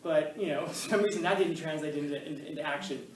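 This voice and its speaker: A man's voice: on the high side, fast, slight background noise. A man teaching a class on philosophy, telling stories animatedly and acting out voices along the way. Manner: animated storytelling, acts out voices in anecdotes. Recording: echoey room, mic at a distance.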